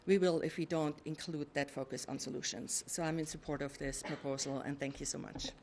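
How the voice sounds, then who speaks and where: A woman official speaks at a podium microphone in a public hearing room. Her voice sits fairly low for a woman. She keeps an earnest, measured pace and fills her pauses with frequent hesitations. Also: fairly even intonation, a little mellow, a little hiss or hum. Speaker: city social services director.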